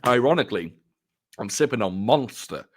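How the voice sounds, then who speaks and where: An adult film collector vlogger chats casually at home about the films he's bought, speaking at a moderate pace with a medium pitch and lively intonation. He's chatty, rambles and pokes fun at himself while showing off his purchases.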